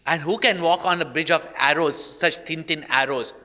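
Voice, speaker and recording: A man's voice: a little high, normal speed, sharp tone, long reverb tail, pitched above the performer's own voice. A man voicing a proud young male archer warrior who is boastful and insistent. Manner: pleading and insistent.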